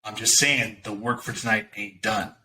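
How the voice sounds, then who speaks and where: Man playing a gruff, profane crew boss. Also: fairly low pitch, fairly even intonation, normal speed, sharp tone, slight background noise, poor audio. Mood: firm. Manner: blunt, profane. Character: gruff hard-nosed male crew boss.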